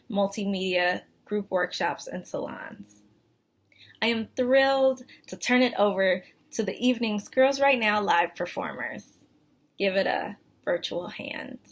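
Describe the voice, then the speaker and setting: Woman host, mid-pitched, measured and scripted, home recording. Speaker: event host. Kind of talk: scripted introduction.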